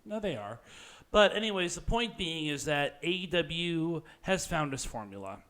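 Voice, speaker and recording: A man's voice: fairly high pitch, sing-song, moderate pace, fairly bright tone. A man co-hosting a podcast in casual chat, agreeing often but giving critical opinions. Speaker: podcast co-host. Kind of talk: casual wrestling review chat.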